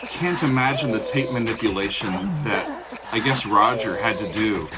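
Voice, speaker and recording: A man's voice: on the low side, moderate pace. A man, hosting a casual music reaction video, chatty and joking, often laughing.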